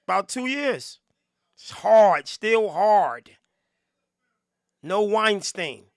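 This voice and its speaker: A man's voice: high voice, animated, extremely slow, no echo, clean studio sound. A man hosting a live music review stream, reacting with hyped, joking commentary and talking straight to his chat. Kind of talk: casual livestream commentary.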